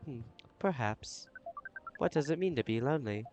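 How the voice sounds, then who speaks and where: A man's voice: medium pitch, expressive, normal speed, noisy background, close to an everyday voice. A man voicing a formal, literal-minded alien woman of a hive mind in a visual novel, speaking of herself as "we" with stiff precision. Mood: earnest. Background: game music.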